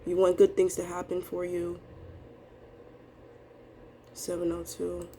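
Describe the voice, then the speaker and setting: A young woman venting in a low, confessional way, rambling and dejected with casual slang. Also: monotone, slow pace, dark tone, slight background noise. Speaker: vlogger day trader. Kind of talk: emotional live trading vlog.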